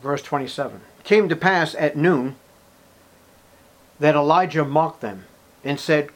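A man preaching a sermon in a slightly high voice, telling the story with drama. He asks sarcastic rhetorical questions and builds to loud, emphatic bursts. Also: measured pace. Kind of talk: expository sermon.

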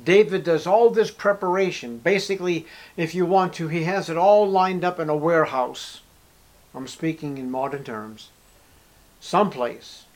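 Man preaching an animated sermon. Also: a little high, normal speed. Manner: acts out short dialogue between characters, emphatic repetition.

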